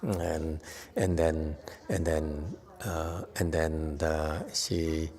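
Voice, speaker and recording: A man with a Korean accent, a Zen master telling anecdotes in a dharma talk, with chuckles and halting restarts. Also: rumbling low, fairly even intonation, a little mellow. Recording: long hall reverb.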